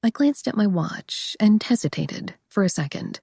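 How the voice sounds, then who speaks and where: A woman's voice: mid-range voice, very animated, normal speed, vocal fry, a little mellow, husky, no room sound, clean studio sound. A young woman reading a first-person audiobook in a wry, conversational way. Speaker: audiobook narrator.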